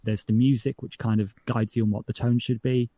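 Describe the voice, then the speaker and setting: A podcast creator from northern England chats casually in an interview, often restarting sentences and becoming animated when he tells jokes. His voice is mid-range and a little fast, with no echo on the recording.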